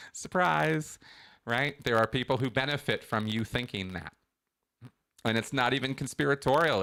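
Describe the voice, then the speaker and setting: A middle-aged man hosting a call-in show, talking in a casual, animated, emphatic monologue with frequent restarts. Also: fairly low pitch.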